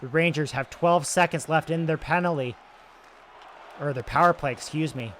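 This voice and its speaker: A young man doing excitable play-by-play commentary over a video game, moving between loud calls and quiet asides, his voice getting strained. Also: on the high side, normal speed, some chatter behind, slight background noise. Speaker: gaming YouTuber doing play-by-play.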